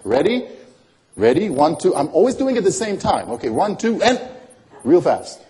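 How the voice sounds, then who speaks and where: A man performs close-up magic for a volunteer, keeping up teasing, playful patter and coaxing them with question after question. His voice is a little high and mellow, sing-song, at a moderate pace.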